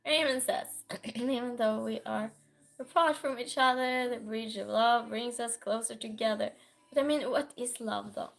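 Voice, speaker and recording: A woman hosting a livestream with a cold and a sore throat, hoarse and clearing her throat as she reads viewer messages aloud and chats back. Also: on the high side, normal speed, soft background music. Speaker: livestream host reading chat. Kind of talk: casual chat.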